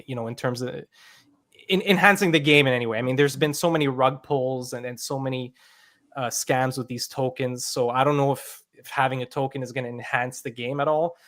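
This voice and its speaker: A man who makes games talks through how his game works on a casual podcast, step by step and full of "like" and "um." His mid-range voice is steady and fairly bright, and he speaks fairly quickly.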